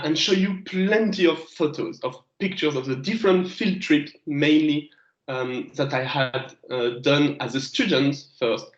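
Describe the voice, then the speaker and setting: A French man in his thirties, a guest geologist giving a remote lecture to students, speaking English with a French accent, halting and restarting as he searches for words. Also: on the high side. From France. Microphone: video call. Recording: echoey, lo-fi video call audio.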